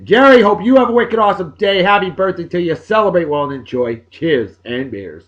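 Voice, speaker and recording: Man, 40s, somewhat high voice, jokey, loud bursts and mumbled asides, casual vlog shout-outs. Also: expressive, a little fast, dull audio. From Massachusetts, USA. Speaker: video blog host.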